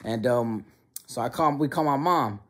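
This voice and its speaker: A young man telling a funny childhood story in an animated, slangy way. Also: medium pitch, moderate pace. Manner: animated, slangy, many restarts. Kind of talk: casual storytelling.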